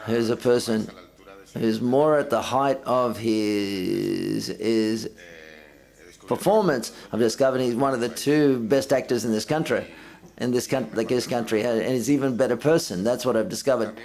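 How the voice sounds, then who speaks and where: A man's voice: mid-range voice, moderate pace, darkish tone. A man giving simultaneous interpretation at a film festival press conference, relaying each speaker in the first person and lifting his voice for quoted lines.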